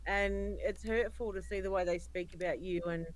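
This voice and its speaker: A woman's voice: medium pitch, fairly even intonation, normal speed, low-quality recording. Earnest woman hosting a livestream. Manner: earnest, supportive, emphatic. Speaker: livestream host. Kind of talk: casual livestream chat.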